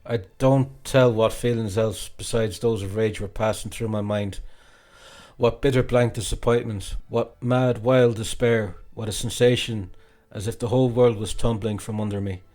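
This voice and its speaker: A man's voice: on the low side, normal speed. Man giving theatrical audiobook narration. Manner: expressive, theatrical reading. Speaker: audiobook reader.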